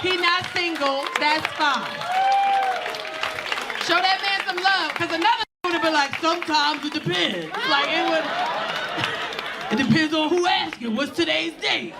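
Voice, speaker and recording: Speaking with an extremely high pitch at a measured pace, this woman in her 40s leaves long pauses as she does stand-up crowd work before a live audience. She's brassy and blunt, swears freely, and addresses the room directly. Crowd laughter and club noise fill the live recording.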